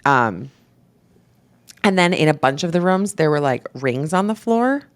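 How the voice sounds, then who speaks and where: A woman co-hosts a casual podcast, spinning a story with plenty of "like" fillers. Her voice sits a bit low but leaps widely whenever she acts out a quote. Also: measured pace. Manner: animated storyteller, acts out quotes with a jumping pitch; many "like" fillers. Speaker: podcast co-host and real estate agent.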